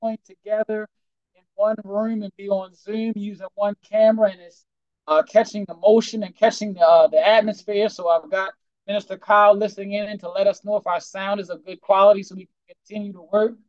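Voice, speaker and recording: A pastor welcoming a congregation and opening a sermon, drawn-out and exhorting, streamed on a video call. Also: mid-range voice, level tone, no echo. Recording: dry, dull lo-fi sound.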